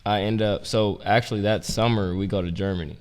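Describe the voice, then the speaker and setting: A young man, a former college basketball player and coach, telling stories in a relaxed, rambling way, full of "like" and "um". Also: lowish voice, fairly quick. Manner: relaxed, rambling, heavy use of "like" and "um". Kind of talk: casual storytelling interview. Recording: roomy with long reverb.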